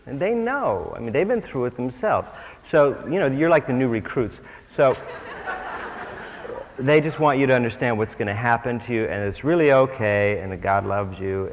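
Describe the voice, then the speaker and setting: Joking spiritual teacher in a reverberant hall. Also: male voice, medium pitch. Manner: joking, self-mocking asides. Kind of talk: humorous workshop talk. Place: stage before an audience. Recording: dull old recording, long hall reverb, faint hiss.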